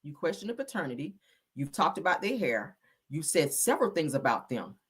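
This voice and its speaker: A woman's voice: sits low, very animated, fairly quick, breathy edge. A woman hosting reality TV commentary, blunt and scolding, with frequent swearing. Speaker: commentary host.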